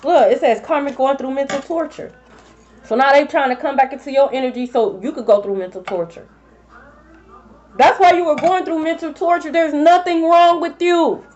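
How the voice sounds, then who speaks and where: A woman reads tarot for her viewers in a high voice, blunt and profane. The sound is slightly dull and lo-fi. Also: normal speed. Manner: blunt, profane and animated, talking straight to viewers. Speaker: tarot reader. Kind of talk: casual tarot reading for viewers.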